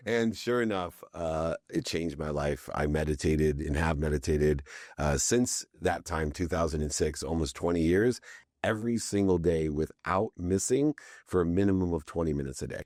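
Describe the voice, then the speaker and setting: Deep-voiced man telling stories as a podcast guest. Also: normal speed, no echo, studio quality. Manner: lively storyteller who acts out quoted dialogue. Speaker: podcast guest, entrepreneur and speaker. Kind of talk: casual interview storytelling.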